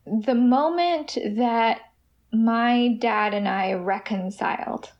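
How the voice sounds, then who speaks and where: A woman telling her personal recovery story as a podcast guest, emotional and halting, with restarts. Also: a little high, darkish tone, muffled recording.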